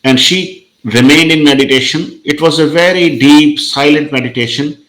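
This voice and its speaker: A man's voice: fairly high pitch, normal speed, a bit bright, poor audio. A man, a podcast guest telling a story in a hesitant, conversational way with many fillers.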